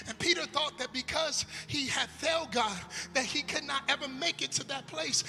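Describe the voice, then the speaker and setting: High-voiced gravelly man preaching in a hall. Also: brisk, hardly any pauses, soft background music. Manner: chanting, sing-song preaching that swells to shouts. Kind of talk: sermon.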